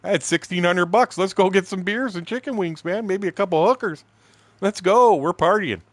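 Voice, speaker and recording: A man's voice: fairly high pitch, normal speed, no echo, pitched above the performer's own voice, full character voice. A man doing his brash, crude, gleeful buddy. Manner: excited and crude. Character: brash, gleeful male buddy, a rowdy partier.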